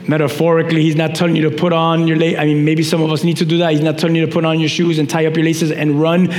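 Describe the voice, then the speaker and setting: A male pastor preaching a sermon, animated, with shouted peaks and quick asides to the congregation. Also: a little high. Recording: echoey hall reverb, faint noise.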